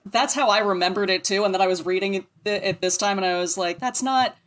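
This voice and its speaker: A woman co-hosting a podcast in casual chat. She talks in a dry, matter-of-fact way at a middle pitch. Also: steady tone, quick pace, fairly bright tone. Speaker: podcast co-host.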